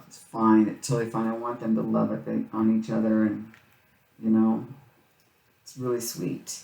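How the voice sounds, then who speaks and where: A woman's voice: a bass voice, fairly even intonation, measured pace, creaky, a little mellow. Chatty middle-aged woman, roomy and distant. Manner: chatty, rambling, repeats phrases. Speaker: crafting channel host. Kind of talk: casual chat while crafting. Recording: roomy, set back from mic, faint noise.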